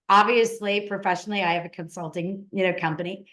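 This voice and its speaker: An emphatic woman hosts a casual interview at a middle pitch. She talks with open enthusiasm, and she leans hard on her key points. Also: moderate pace, hardly any pauses, fairly bright tone. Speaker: interview host.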